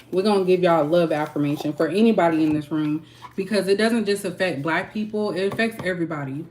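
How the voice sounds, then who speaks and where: Woman, tarot-reading vlog host, lowish voice, frank heated rant, frequent throat-clearing. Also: moderate pace, pauses often, a little mellow, a little hiss or hum. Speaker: tarot reader and channel host. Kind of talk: candid ranting vlog.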